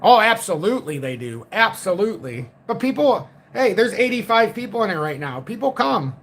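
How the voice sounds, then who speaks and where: A man's voice: high-pitched, sing-song, a little fast, a bit bright. A man hosting a crypto market livestream, ranting in a blunt, profane, cynical way to his viewers. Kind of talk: casual livestream rant.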